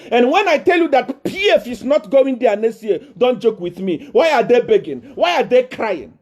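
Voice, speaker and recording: A man from Nigeria, preaching to a congregation as a self-proclaimed prophet. He is boastful and defiant, repeats himself and rises to shouts. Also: very high-pitched, big pitch swings, moderate pace, hardly any pauses.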